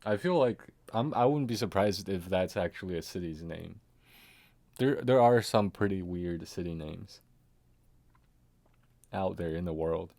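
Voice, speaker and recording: A man with a deep, low voice chats through a live game stream. He talks at a slow, unhurried pace, drifting off mid-sentence and muttering half-thoughts to himself. Frequent little chuckles break up his rambling commentary. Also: expressive, gravelly, mellow. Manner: chuckles often.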